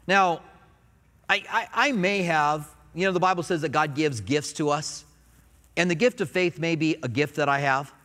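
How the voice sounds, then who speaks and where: Male pastor, sermon delivery, high bright voice, animated with joking asides, big reverberant church hall. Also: normal speed. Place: church sanctuary.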